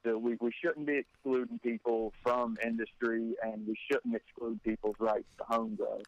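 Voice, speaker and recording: Halting man from North Carolina. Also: mid-range voice, level tone, no echo, muffled recording. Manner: halting, repeats words while thinking. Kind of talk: casual podcast chat.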